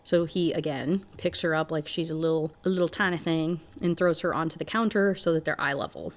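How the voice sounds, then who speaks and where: A woman's voice: low voice, steady tone, brisk. A young woman recapping a book in a chatty, candid way with sarcastic asides. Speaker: book reviewer.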